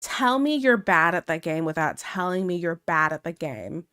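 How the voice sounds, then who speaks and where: A woman's voice: lowish voice, lively intonation, normal speed, fairly bright tone, clean tone. A young woman, chatting casually on a live stream, reading chat messages aloud and laughing often.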